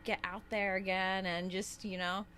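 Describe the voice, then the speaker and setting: A woman, a chef on a podcast as a guest, telling lively stories in casual chat and acting out the voices of people she quotes. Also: medium pitch, moderate pace, a little hiss or hum.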